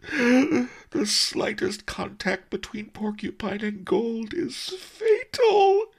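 A man's voice: fairly high pitch, sing-song, slow pace, creaky, fairly bright tone, slightly rough, voice pushed up, heavily acted. A man voicing a gluttonous, emotional fat merchant who whispers breathlessly and breaks into weeping.

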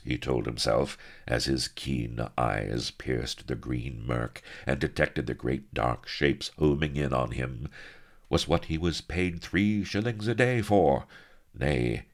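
Very deep, gravelly man narrating wryly. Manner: wry, mock-heroic storytelling. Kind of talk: comic audiobook narration.

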